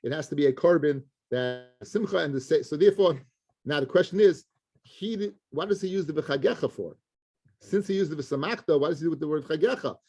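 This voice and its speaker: A rabbi teaching a Talmud class in a slightly higher voice than most men. He asks questions and then answers them himself. He moves easily between English and Hebrew and Aramaic terms, with listeners present in the room. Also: a little fast, warm tone, slightly rough.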